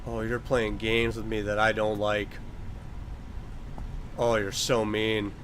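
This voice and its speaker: A man's voice: fairly low pitch, level tone, slow, fairly bright tone, a little hiss or hum. A man playing a horror video game and commenting as he goes, talking to the characters and yelping when startled. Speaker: let's-play host.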